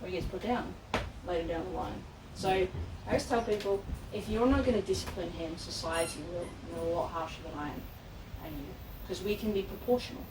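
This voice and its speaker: An Australian woman working as a dog trainer, chatting casually with a client and acting out lively anecdotes. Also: fairly low pitch, brisk. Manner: animated storyteller, acts out voices in anecdotes. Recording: roomy echo, distant mic, background noise.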